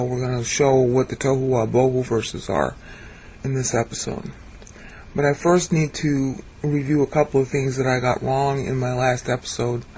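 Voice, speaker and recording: A man giving a screen-share Bible lesson, sounding out Hebrew and Greek words slowly and correcting himself as he goes. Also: fairly high pitch, slight background noise. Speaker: Bible teacher.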